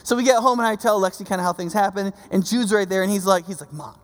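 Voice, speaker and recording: A man preaching a sermon in a loose, conversational way, often pausing to check in with his listeners. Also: high-pitched, fairly even intonation. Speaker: pastor. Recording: long hall reverb.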